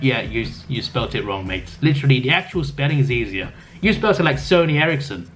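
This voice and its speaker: A young man reads viewer comments aloud and picks them apart with mocking exasperation. His voice sits a little high and climbs when he lectures. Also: lively intonation, normal speed, faint music behind. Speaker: YouTuber reading comments. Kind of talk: sarcastic comment-reading commentary.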